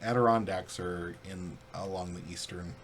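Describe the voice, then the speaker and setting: A man's voice: sits low, steady tone, moderate pace, a little hiss or hum. A man co-hosting a board game playthrough, reading the rules aloud in a casual, joking way. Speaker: co-host and rules reader.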